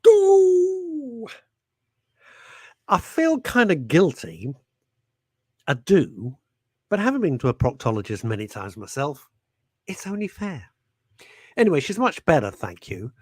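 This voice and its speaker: A man's voice: high-pitched, huge pitch swings, takes it slowly, long pauses, darkish tone, breathy edge, no room sound. A middle-aged man hosting a radio show, rambling and self-mocking with jokey asides. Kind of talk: chatty live radio presenting.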